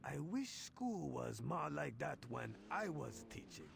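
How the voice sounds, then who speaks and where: A leering, theatrical male client from a video game, speaking slowly in a heavily gravelly voice. His pitch swings wildly from low to high over a noisy background. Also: sing-song, heavily acted. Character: eccentric male client of an escort.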